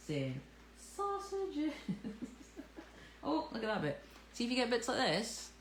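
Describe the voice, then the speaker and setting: A woman's voice: on the low side, a little hiss or hum. A woman teaching cake decorating in a live tutorial, chatty, jokey and self-mocking as she works. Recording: echoey room with faint ambience.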